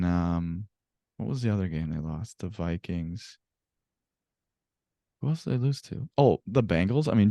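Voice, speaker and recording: A man co-hosting a casual sports podcast, animated and swearing freely as he tells stories. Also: fairly low pitch, dry recording. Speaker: podcast co-host.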